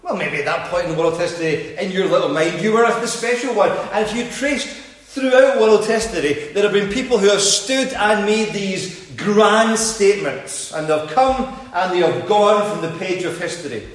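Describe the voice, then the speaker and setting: A man preaches earnestly to the people in front of him, his voice sitting a little high for a man. The sound is drenched in the heavy echo of a large hall. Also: lively intonation, normal speed. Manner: earnest, direct address to listeners. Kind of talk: evangelistic sermon. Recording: very echoey hall.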